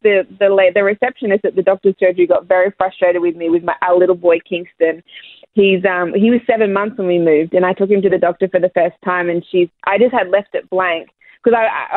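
An Australian woman talking as an interview guest in a frank, lively way with many fillers. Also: mid-range voice, dry recording. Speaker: guest, music artist. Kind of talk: casual interview chat. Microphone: phone line. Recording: tinny phone line.

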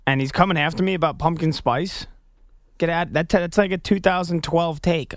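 High-voiced, indignant male co-host. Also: fairly even intonation, moderate pace, dry recording, studio quality. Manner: defensive, indignant joking. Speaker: radio co-host. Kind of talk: casual on-air banter.

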